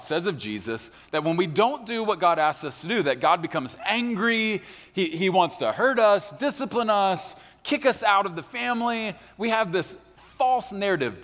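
A man preaching a sermon as pastor, animated and joking, acting out quotes in a large church. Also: on the high side. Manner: animated, jokey, acts out quotes. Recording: long hall reverb.

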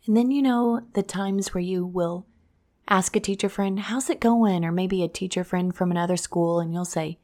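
A woman's voice: lowish voice, normal speed, warm tone. A woman hosting a podcast, talking in an earnest, encouraging way straight to her listeners. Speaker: podcast host. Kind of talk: casual podcast monologue.

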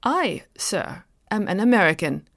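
A man's voice: high-pitched, very animated, unhurried, a bit bright, no echo, studio quality, exaggerated voice. A woman playing an elderly, dignified German clergyman with a German accent, speaking formally.

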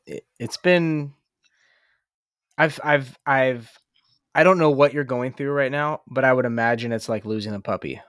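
A man co-hosting a podcast in casual chat, teasing his co-host in a deadpan, halting way. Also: medium pitch, dry recording, clean studio sound. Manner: teasing, deadpan, hesitant restarts.

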